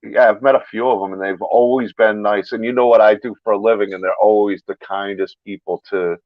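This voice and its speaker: Laid back host guy, kinda trails off quiet, dry lo-fi audio. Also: lowish voice, steady tone, brisk, no echo. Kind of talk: casual podcast chat.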